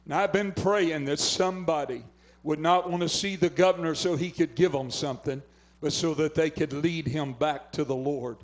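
An older man from Oklahoma, a pastor preaching fervently at a revival and telling a story. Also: a little high. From southwestern Oklahoma. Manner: fervent preaching, urging callers to phone in. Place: revival tent.

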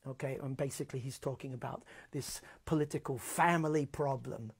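A middle-aged man hosting a music series, explaining an opera thoughtfully with frequent pauses and restarts. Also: medium pitch, creaky, husky. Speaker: music director and host.

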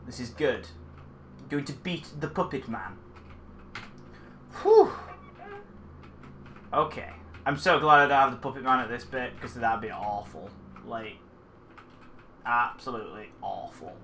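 A gamer giving let's play commentary on a horror game, excitable and jumpy, talking back at what is on screen. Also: medium pitch, measured pace, pauses often, a little hiss or hum.

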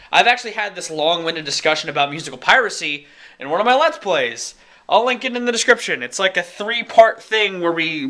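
A man's voice: high voice, sharp tone, low-quality recording. A young man talking casually in a daily vlog, rambling and opinionated, swearing freely. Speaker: vlogger.

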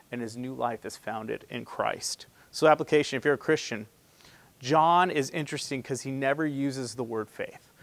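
A man preaching a sermon as pastor, talking to the congregation in a casual, conversational way, punching some phrases loudly and dropping others to a near hush. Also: medium pitch.

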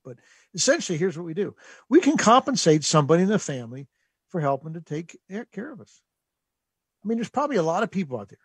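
A man's voice: on the high side, slightly rough, no room sound. A man, hosting a radio show as an estate planning lawyer, explaining things in a folksy, conversational way full of fillers and restarts.

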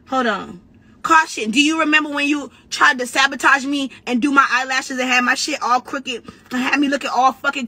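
A woman battle rapper in a brash, profane, trash-talking rant, talking casually and quickly. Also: sits high, sharp tone, husky. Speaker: battle rapper giving commentary.

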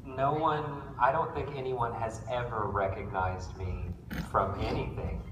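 A man's voice: medium pitch, fairly even intonation, measured pace. A man speaking as a guest at a convention panel, joking and chuckling through his answers, recorded from the audience on a phone. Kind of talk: casual convention panel talk. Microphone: phone in the audience, far off. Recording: echoey room, far-off phone audio, noise.

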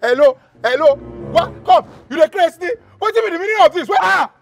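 A man doing a brash, gravelly street tough with a Nigerian accent. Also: extremely high pitch, animated, brisk, full character voice. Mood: angry ranting. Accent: Nigerian Pidgin English. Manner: loud, agitated, shouting rants. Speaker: comic skit actor. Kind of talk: comedy skit acting.

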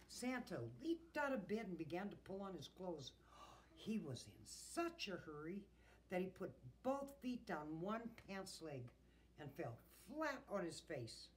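A woman's voice: lowish voice, measured pace, a little hiss or hum. A woman, a teacher, reading a picture book aloud to children and asking them questions. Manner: expressive, asks the listeners questions.

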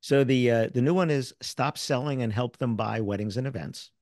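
An American man, middle-aged, speaking as an interview guest and sales author, telling lively stories and acting out the people he quotes. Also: mid-range voice, normal speed, no echo, clean studio sound. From United States. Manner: animated storyteller who acts out quoted people. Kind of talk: casual interview storytelling.

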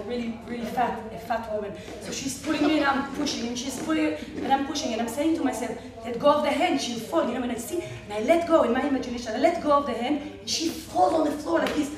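A woman medical clown with an Israeli accent telling a personal story to a panel audience, animated, with frequent laughter and halting restarts. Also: on the high side, crowd noise. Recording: echoey hall, distant mic, audience noise.

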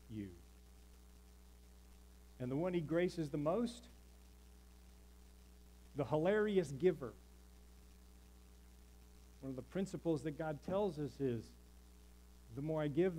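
A man's voice: on the high side, mellow, slight background noise, low-quality recording. Emphatic preaching pastor, man. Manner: emphatic preaching, calls for congregation response. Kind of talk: sermon. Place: church sanctuary.

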